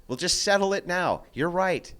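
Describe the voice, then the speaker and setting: Male podcast guest, heated and foul-mouthed, animated pitch, combative delivery. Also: moderate pace. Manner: profane, combative, animated ranting.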